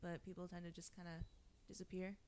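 A stoned woman in her late twenties co-hosting a podcast, talking in a slow, vague, laid-back way. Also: fairly low pitch, flat delivery, a little mellow, slight background noise. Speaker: podcast co-host. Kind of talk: casual chat.

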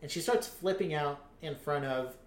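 A man's voice: on the high side, normal speed. A man co-hosting a casual podcast chat, telling a rambling story full of cursing and filler words. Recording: roomy echo.

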